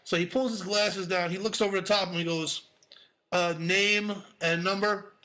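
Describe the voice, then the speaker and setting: A man telling a profane, animated story about his stand-up debut, acting out voices in the quotes. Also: sits high, a little fast. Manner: acts out voices in quoted speech.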